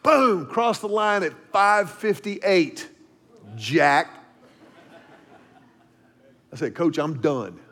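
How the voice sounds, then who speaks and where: High-voiced man telling a story. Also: expressive, drawn-out words, long pauses. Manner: vivid storyteller, drops to a hush for asides. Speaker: speaker. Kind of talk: storytelling devotional talk.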